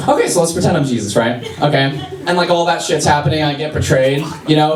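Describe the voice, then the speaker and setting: A young man from Los Angeles doing a sassy, animated stand-up comedy set on a club stage, with an audience laughing. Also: on the high side, fast, distant mic. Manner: sassy, animated, mocking impressions. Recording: echoey club recorded from afar.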